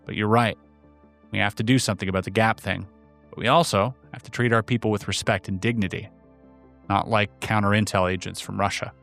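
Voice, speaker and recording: Formal military captain, read by a man, measured and low-pitched. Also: steady tone, vocal fry, fairly bright tone, soft background music.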